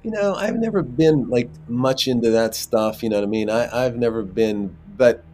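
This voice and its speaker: Male actor guest, mid-pitched, chatty, rambling anecdotes with frequent fillers. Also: normal speed, mellow, faint music behind. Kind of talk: casual interview storytelling.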